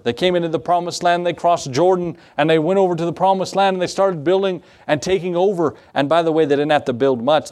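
A man's voice: fairly high pitch, darkish tone. A man preaching a sermon as pastor, quoting scripture, repeating key phrases and asking the congregation rhetorical questions. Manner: conversational asides and rhetorical questions.

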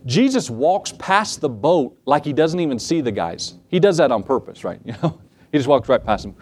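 Animated male preacher. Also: moderate pace, a little hiss or hum. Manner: animated, conversational preaching with asides to the congregation; acts out quoted voices with shifts in pitch. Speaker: pastor. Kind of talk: sermon.

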